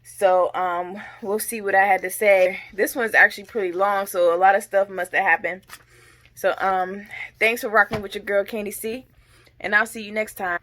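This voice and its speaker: A woman's voice: mid-range voice, normal speed. A woman in her thirties casually telling a story in a vlog, acting out commands and groans, a little out of breath. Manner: animated, acts out drill commands and groans. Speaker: vlogger.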